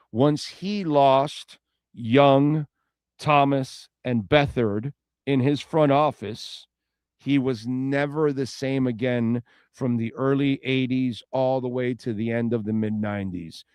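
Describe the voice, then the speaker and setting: A man's voice: mid-range voice, a little mellow, clear, resonant tone, no room sound. Male sports radio co-host, opinionated, leans hard on key words, dry booth sound. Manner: emphatic, opinionated, drawn-out stresses. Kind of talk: casual sports talk.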